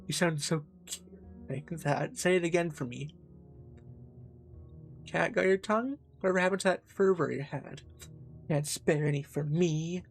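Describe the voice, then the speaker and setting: A man's voice: a little high, moderate pace, creaky, long pauses, faint music behind. A man voicing a cruel, mocking female demon who was once the hero's lover, in a game. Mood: taunting. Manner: taunting, mocking.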